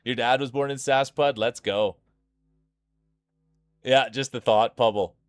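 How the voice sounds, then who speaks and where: A man's voice: medium pitch, fairly even intonation, a little slow, smooth, no room sound, studio quality, faint music behind. Playful man with a thick Saskatchewan accent. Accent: Saskatchewan Canadian. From Saskatchewan, Canada. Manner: playful, hype-man announcing. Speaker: streamer. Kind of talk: live commentary on a marble race.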